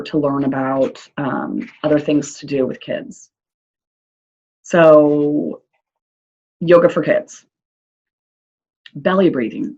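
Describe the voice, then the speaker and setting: Midwestern woman, social worker presenting to parents; low husky voice, encouraging and chatty, muffled lo-fi sound. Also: darkish tone. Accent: Midwestern American. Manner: upbeat, encouraging, chatty with fillers. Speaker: early childhood social worker. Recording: dull lo-fi recording.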